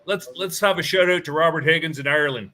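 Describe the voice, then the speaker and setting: A man's voice: on the high side, fast talker, a crowd in the background. A man hosting a live sports betting stream, chatting casually with energy and reading viewer comments aloud. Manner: energetic, reads chat aloud, fillers like "right?". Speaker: betting show host.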